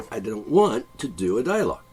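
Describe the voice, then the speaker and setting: A man with a husky voice delivers a rambling, profane solo monologue. His pitch swings widely as he talks, and he keeps breaking off to clear his throat. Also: darkish tone, poor audio. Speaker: podcast host.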